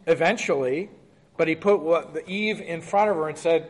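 Man, slightly high voice, Bible teacher, reads scripture aloud, questions the group. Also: moderate pace, big-room sound. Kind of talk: interactive Bible study teaching.

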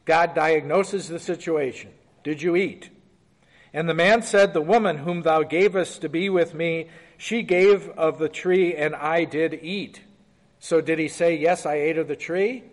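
Reading passages of scripture and quizzing his group conversationally, this Bible teacher speaks at a measured pace. His voice sits fairly high, and a long reverb tail trails each phrase.

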